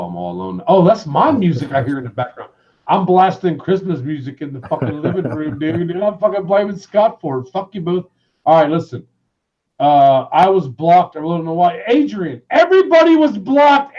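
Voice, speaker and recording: A man hosting a livestream in a casual rant, loud and excitable, swearing constantly and shouting people's names. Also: fairly high pitch, normal speed, muffled recording. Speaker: livestream host.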